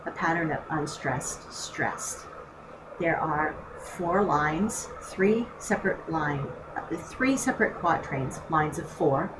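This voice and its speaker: A woman recording a screencast lecture, explaining poetry in a measured way and reading a poem aloud. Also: lowish voice, background noise. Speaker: teacher.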